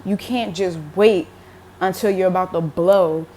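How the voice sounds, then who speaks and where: Unhurried and mellow, this young woman's fairly low, steady voice carries a casual, emotional testimony about a religious dream. As a religious vlogger, she fills her speech with "like" and "um," and a little hiss or hum can be heard.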